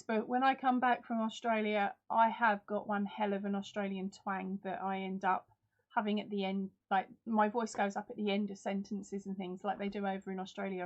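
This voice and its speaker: A crochet channel host from Essex, England, speaks with an Essex accent at a medium pitch. During a live-stream giveaway she chats casually with viewers by name, sounding friendly and self-deprecating. The recording is muffled.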